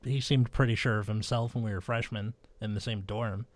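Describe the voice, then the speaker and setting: A young man hosting a comedy podcast, reading fan fiction aloud in a deadpan voice, with flustered asides and laughter. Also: fairly low pitch, brisk, no room sound. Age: young adult.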